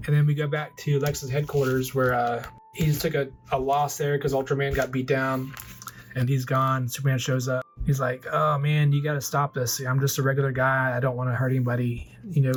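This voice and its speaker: Rambling middle-aged man retelling a film. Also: mid-range voice. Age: 40s. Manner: rambling, filler-heavy, casually does quick voices for characters. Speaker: toy collector vlogger. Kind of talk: casual retelling of a movie with toys.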